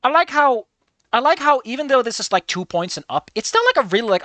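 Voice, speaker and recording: A streamer giving animated, swear-filled commentary while playing through a story game. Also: mid-range voice, fast, no room sound. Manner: animated, swearing, laughing often.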